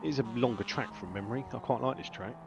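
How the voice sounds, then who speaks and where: The dull lo-fi stream audio, with faint noise, captures a man with a creaky, mid-range voice talking fast. He's doing casual sim racing commentary on an online race, chatting and joking with his co-hosts.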